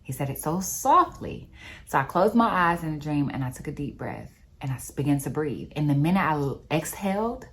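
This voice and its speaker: A woman talking casually about faith, telling personal stories in an animated, conversational way. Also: sits low, a little fast. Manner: animated storyteller, expressive and conversational. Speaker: vlogger.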